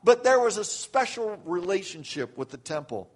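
An older male pastor delivers a sermon in a high, bright voice. He acts out quoted lines with rising force and a lively swing. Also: normal speed.

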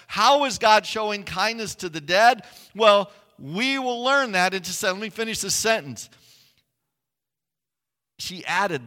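A man preaching a sermon, telling stories with swings from hushed tones to loud, emphatic passages. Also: on the high side, lively intonation, a little slow, long reverb tail. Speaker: pastor.

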